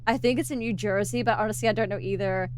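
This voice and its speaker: A woman's voice: mid-range voice, steady tone, quick pace, a little mellow, a little hiss or hum. A young Australian woman streaming a game, chatting playfully with viewers, giggling and sounding out words as she rambles. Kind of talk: casual live-stream chat while gaming.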